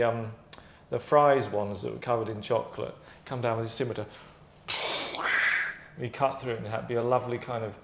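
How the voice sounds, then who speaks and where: A man's voice: mid-range voice, creaky. A man hosting his own show, chatting in a rambling way with asides and self-corrections. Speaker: host presenting his own game idea. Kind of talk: casual monologue. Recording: echoey room.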